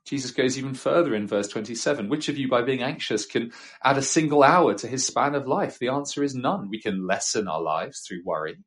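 A man preaching a sermon from his desk at home, reflective and measured, with homely asides. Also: medium pitch.

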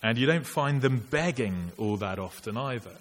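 A man's voice: mid-range voice, expressive, normal speed. Man preaching in a reverberant church. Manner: earnest, reflective, conversational with rhetorical questions. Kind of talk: sermon. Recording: long church reverb, faint hiss.

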